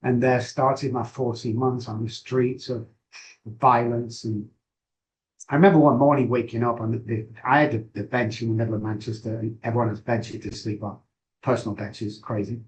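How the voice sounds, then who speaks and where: A middle-aged man speaks as an interview guest, and his voice sits at an ordinary mid pitch. He tells his story frankly and haltingly, pausing and restarting his sentences. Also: level tone, low-quality recording. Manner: candid, halting, with frequent pauses and restarts. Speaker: guest, addiction recovery expert.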